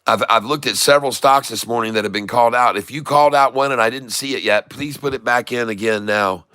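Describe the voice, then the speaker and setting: A man's voice: mid-range voice, fast talker, sharp tone, clean tone. A middle-aged man from Florida giving folksy, showman-like live market commentary and greeting viewers by name. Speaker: day-trading streamer.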